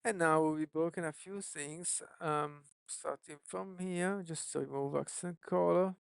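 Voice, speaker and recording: An app developer thinking aloud during a live coding stream, musing and questioning themselves in an unhurried way. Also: mid-range voice, fairly even intonation, creaky, clean tone, dry recording, studio quality.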